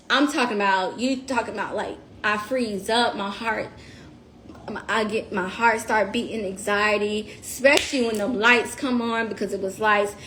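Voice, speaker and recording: A woman telling a story on a casual livestream. She is animated and profane, and talks straight to her viewers. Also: a little high, slight background noise.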